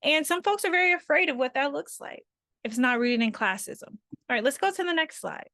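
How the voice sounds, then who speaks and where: A woman's voice: sits high, expressive, brisk, pushed and bright, no echo, studio quality. A woman facilitating an online workshop over a video call, talking conversationally and often checking in with her listeners.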